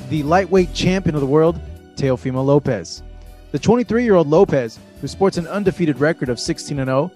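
A man hosting a casual interview, friendly and relaxed, with some stammering restarts. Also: on the high side. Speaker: interviewer and channel founder.

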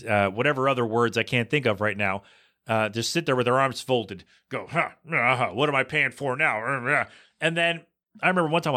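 Bright, lively man telling a story. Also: medium pitch. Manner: rambling, animated anecdote with acted quotes. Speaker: podcast co-host. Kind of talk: casual storytelling chat.

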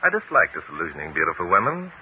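A suave detective in a 1940s radio mystery. His voice is low and quick with a lively lilt, calm and dryly ironic. The broadcast sounds thin and phone-like. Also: a little hiss or hum. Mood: cool. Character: suave cool-headed male detective. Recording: tinny lo-fi old radio broadcast.

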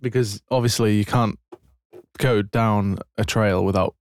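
A man co-hosting a podcast in casual chat, chiming in with quick agreement. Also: lowish voice, steady tone, no echo, studio quality. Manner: chatty, quick agreeing interjections. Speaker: podcast co-host.

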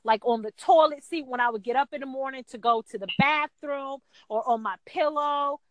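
High-voiced woman telling a story. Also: moderate pace, dry recording, low-quality recording. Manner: animated, acts out quotes in a high voice. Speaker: guest. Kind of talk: casual storytelling chat.

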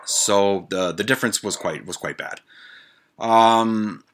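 A man's voice: fairly low pitch, takes it slowly, fairly bright tone, a little hiss or hum. A man hosting his own show, telling a personal story in a casual, rambling way full of swearing and side notes. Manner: profane, rambling asides. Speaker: podcast host.

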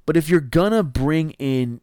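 A man's voice: fairly high pitch, lively intonation, a little slow, a little mellow, clear, resonant tone, dry recording, studio quality. A man, co-hosting a podcast and telling a rambling, profane story full of restarts. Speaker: podcast co-host.

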